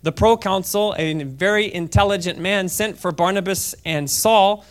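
Preaching as a guest at a church service, a man reads scripture in a high, clear, resonant voice at a moderate pace. Between verses he speaks casually, frequently checking in with "okay?", alternating quiet asides with loud, fervent reading.

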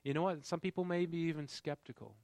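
A man's voice: a little high, fast talker, vocal fry, a little mellow, no echo. A man preaching a sermon in a conversational way, often asking the congregation questions. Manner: engaging, quizzes the congregation. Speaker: pastor.

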